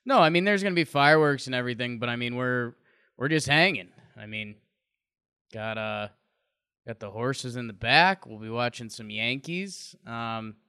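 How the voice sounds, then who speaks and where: A man with a smooth, clean voice chats casually as a podcast co-host. He jokes in a dry, teasing way. The sound is close and dry, with no room around it. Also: mid-range voice, expressive, moderate pace, sharp tone, dry recording. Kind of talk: casual chat. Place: home.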